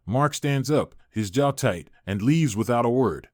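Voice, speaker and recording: A man reading a first-person family story aloud as a scripted narration, in a steady, even manner. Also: mid-range voice, measured pace, no room sound, studio quality.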